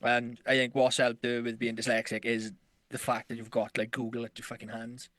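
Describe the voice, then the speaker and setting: A man's voice: mid-range voice, completely flat delivery, brisk, fairly bright tone, no room sound. A man co-hosting a podcast in casual chat, rambling and swearing, often laughing. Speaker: podcast co-host.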